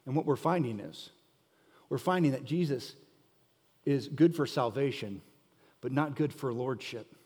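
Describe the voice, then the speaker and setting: A man's voice: medium pitch, unhurried, long pauses, mellow, slightly rough. A middle-aged man preaching a sermon as pastor, emphatic and asking the listeners pointed questions. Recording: long hall reverb.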